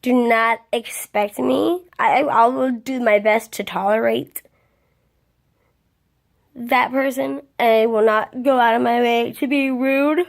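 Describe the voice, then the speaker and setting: A woman in her twenties rants straight to camera, blunt and full of swearing. Her voice sits a little high with a gravelly fry running through it. She sounds worn out and keeps yawning between points. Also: slow pace. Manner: blunt and profane, venting with heavy swearing. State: tired, yawning. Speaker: vlogger. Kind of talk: ranting vlog monologue.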